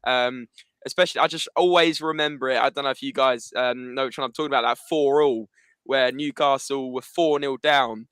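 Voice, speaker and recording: A man's voice: medium pitch, steady tone, brisk, fairly bright tone, smooth, dry recording. A man chatting casually as a guest on a livestream, enthusiastic and rambling. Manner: enthusiastic, talks in loose asides. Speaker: guest pundit.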